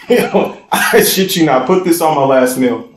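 A young man co-hosting a podcast, telling a long profane story in a loose, animated way. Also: mid-range voice, moderate pace, reverberant. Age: young adult. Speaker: podcast co-host. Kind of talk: casual storytelling chat.

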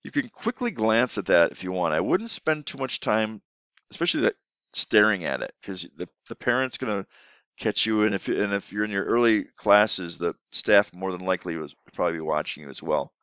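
Casting: low-voiced male English teacher with an animated delivery and a dry, close sound, walking through lesson tips casually. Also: moderate pace, no echo. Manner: casual explanatory talk with frequent restarts. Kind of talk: instructional teaching tips video.

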